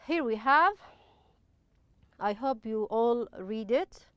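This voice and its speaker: Woman teacher, unhurried and smooth, dry close sound. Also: on the high side, animated, no room sound. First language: Arabic. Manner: patient, step-by-step explaining with frequent pauses. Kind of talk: online classroom lesson.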